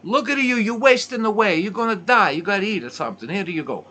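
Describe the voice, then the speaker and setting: A man's voice: high voice, lively intonation, quick pace, bright, forceful tone, pitched above the performer's own voice, full character voice. A man voicing a fussing old Italian grandmother in broken, immigrant-accented English, insisting that someone eat more.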